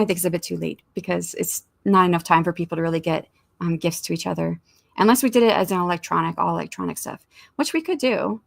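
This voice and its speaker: A woman's voice: lowish voice, creaky. A woman hosting a writing sprint livestream, chatting casually and rambling as she reads viewer comments aloud.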